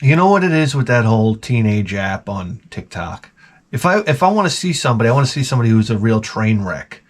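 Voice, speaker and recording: A man's voice: medium pitch, very animated, a little fast. A man hosting a podcast in a casual comedic rant, sarcastic, mocking and full of profanity. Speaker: podcast host.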